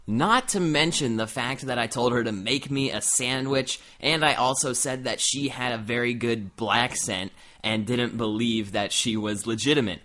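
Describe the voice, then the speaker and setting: A man vlogging about gaming, telling a story to his viewers in an animated, jokey way. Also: mid-range voice, normal speed, few pauses. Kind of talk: casual storytelling to camera.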